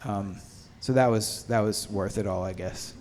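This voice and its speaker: A man's voice: lowish voice, normal speed, a little mellow, slight background noise. A man on a film panel, telling a rambling casual story about stepping in as an actor. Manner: rambling, many fillers and restarts.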